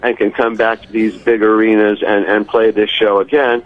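A man's voice: on the low side, flat delivery, normal speed, narrow, tinny audio. An older man chatting as a guest in a radio interview, self-mocking and prone to restarting his words. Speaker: touring musician guest.

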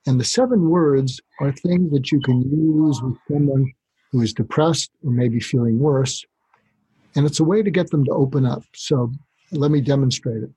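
A man speaking as a doctor guest on a podcast interview, explaining calmly and acting out short exchanges to demonstrate. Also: mid-range voice, normal speed, slightly rough, rough recording. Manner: calm, explanatory, demonstrates dialogue.

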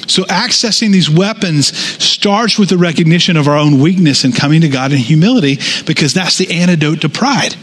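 A man delivers a sermon as the pastor, his voice sitting somewhat high for a man. He reads passages aloud with weight, then drifts into relaxed, conversational asides. His delivery is lively and unscripted. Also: a little fast, few pauses, slightly rough. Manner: reads scripture aloud, then talks casually and animatedly with asides.

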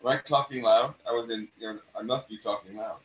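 A man with a mid-Atlantic accent, an acting teacher talking in an interview, animated and given to restarting his sentences. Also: medium pitch, brisk, a little hiss or hum. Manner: animated, repeats and restarts phrases. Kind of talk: conversational interview. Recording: roomy sound from distance.

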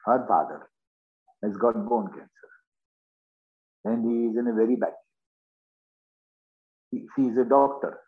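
A man's voice: medium pitch, a little slow, pauses often. Man on a tinny call. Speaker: interview guest. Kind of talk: earnest conversational storytelling. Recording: tinny phone-like call audio.

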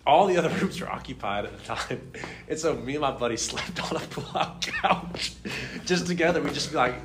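A young man telling a personal faith testimony in a casual, animated way, laughing often and filling his talk with "like". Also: fairly high pitch, moderate pace, music in the background. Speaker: speaker sharing a testimony.

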